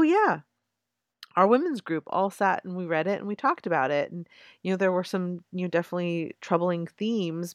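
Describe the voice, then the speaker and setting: Low-voiced woman in casual chat. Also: no echo, studio quality. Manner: thoughtful, wry, frequent agreeing fillers. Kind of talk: casual discussion.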